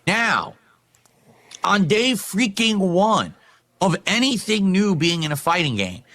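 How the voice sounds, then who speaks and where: Man, exasperated profane rant, fairly high pitch, video commentary. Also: sing-song, slow pace, a bit bright. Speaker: video creator.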